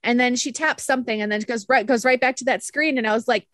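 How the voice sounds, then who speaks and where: A young woman telling a story on a podcast, animated and laughing often as she acts out what others said. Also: a little high, quick pace, dry recording. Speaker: podcast co-host. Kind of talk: casual storytelling chat.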